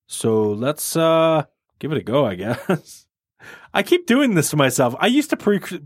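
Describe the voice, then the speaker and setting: A man's voice: fairly high pitch, big pitch swings, a little slow, dry recording, clean studio sound. A man hosting a podcast, casual and joking, often self-mocking and laughing. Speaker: podcast host. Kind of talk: casual chat.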